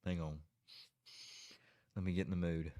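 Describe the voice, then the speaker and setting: Male streamer, low voice, casual, laughs easily, keeps stalling. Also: flat delivery, normal speed, dark tone, no echo. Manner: chatty, giggly, keeps stalling. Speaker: livestream host. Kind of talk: casual livestream chat.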